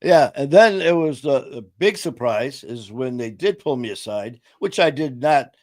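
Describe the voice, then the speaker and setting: Middle-aged male host with mid-range pitch; relaxed, profane storyteller who laughs as he talks. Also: normal speed. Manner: animated, profane, laughs through his stories. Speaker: podcast host. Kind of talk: casual storytelling chat.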